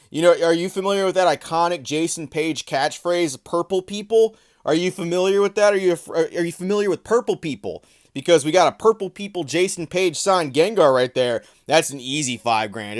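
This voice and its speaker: A man giving sarcastic, profane commentary on trading card listings in a casual vlog. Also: fairly high pitch.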